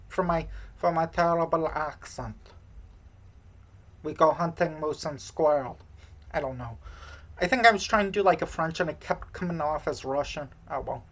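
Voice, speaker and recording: Her voice on the low side and slightly bright, a woman gives a halting, casual rundown of a film's plot, full of fillers and jokes at her own expense. The recording is dull and lo-fi.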